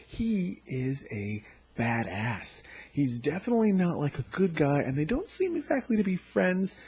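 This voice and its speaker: A man hosting a casual video review of a TV episode, recounting scenes excitedly and acting out the quotes. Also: medium pitch, slightly rough. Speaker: TV episode reviewer, channel host.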